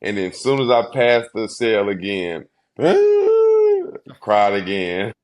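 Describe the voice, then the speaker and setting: A man in his thirties, a guest in an interview, telling his own story in an earnest, heartfelt way, rushing some phrases and slowing hard on others. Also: fairly low pitch, huge pitch swings, a little mellow. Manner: earnest, heartfelt, quick bursts with slow emphatic pauses.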